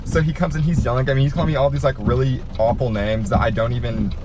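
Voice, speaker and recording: A man's voice: medium pitch, fairly even intonation, quick pace. A man in his twenties telling a dramatic personal story in a chatty vlog style, full of "like" and acted-out quotes. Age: 20s. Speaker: YouTuber. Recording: noisy room.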